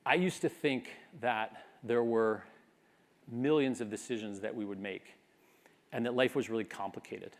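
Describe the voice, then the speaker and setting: At normal speed and medium pitch, this fifty-something commencement speaker reflects earnestly on graduation before rising to a rousing finish.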